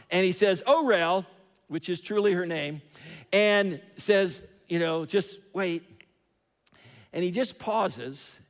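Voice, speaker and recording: High-voiced man preaching in a hall. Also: fairly bright tone. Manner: storytelling with emphatic repetition. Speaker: pastor. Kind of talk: sermon. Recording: long hall reverb.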